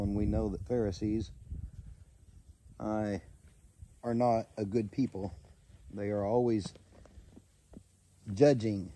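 A man reading scripture aloud in a measured way, breaking off now and then for quiet, mumbled asides of commentary. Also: lowish voice, husky. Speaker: scripture reader.

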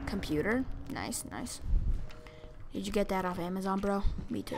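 A woman's voice: medium pitch, huge pitch swings, moderate pace, gravelly, slight background noise. A woman doing horror game commentary, jumpy and frightened, screaming and talking back to the game. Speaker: let's play gamer.

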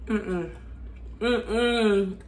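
A woman reviewing fast food on her channel. She chats casually with viewers, talks with her mouth full and hums between bites because the food is burning her mouth. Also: medium pitch, darkish tone. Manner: chatty, addresses viewers as y'all, hums while eating.

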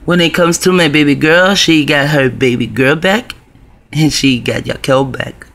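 A man's voice: a little high, measured pace, a bit bright. A man telling a personal story to camera in a rambling, profane, conspiratorial way. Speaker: video blogger.

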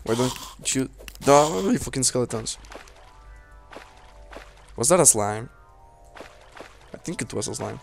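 Young man, let's play commentary, unhurried drawl, faint game music under. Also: medium pitch, lively intonation, creaky. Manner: rambling, swears at enemies, talks to himself. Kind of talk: casual gameplay commentary.

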